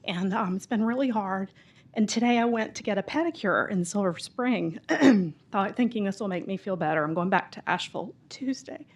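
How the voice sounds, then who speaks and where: A woman's voice: mid-range voice, normal speed. A middle-aged woman from the US South with a Southern drawl, telling a rambling personal story as an audience member at a bookstore talk. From Mississippi and Tennessee, US South. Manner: chatty, rambling, animated storyteller acting out quotes. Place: bookstore event room.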